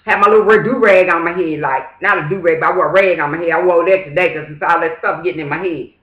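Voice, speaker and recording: A man's voice: on the high side, fast, dull audio. Man, casual vlog monologue, emphatic, rhetorical asides, roomy echo. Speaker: vlogger.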